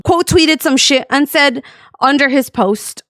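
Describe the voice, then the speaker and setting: A woman's voice: sits high, unhurried, a bit bright, no echo, clean studio sound. A woman streamer venting to her chat in a blunt, profane, emotional rant. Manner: emotional, tearful at times. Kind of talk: emotional ranting vlog.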